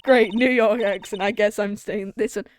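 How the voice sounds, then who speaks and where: A woman's voice: mid-range voice, fairly even intonation, normal speed, dry recording, clean studio sound. A woman streamer casually commentating on a game, chatty with joking asides. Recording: loud game music behind.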